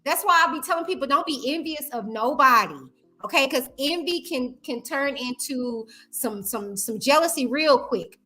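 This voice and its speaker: A woman's voice: sits high, expressive, normal speed, pushed and bright, soft background music. A woman hosting a vlog, giving emphatic, chatty commentary straight to her viewers. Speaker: vlog host. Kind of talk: casual commentary.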